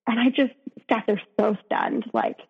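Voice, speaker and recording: Husky woman telling a painful story. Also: fairly high pitch, very animated. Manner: emotional, halting, with many restarts. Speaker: podcast guest. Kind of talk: personal storytelling. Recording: dull, echoey recording.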